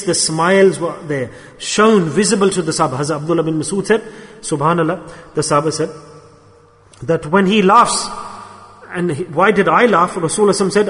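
A man preaching a sermon, telling a story and acting out the dialogue with animated shifts in pitch. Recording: hall reverb.

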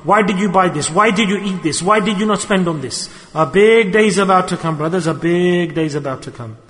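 Brief: male preacher, high voice, animated and earnest sermon, long hall reverb. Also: brisk.

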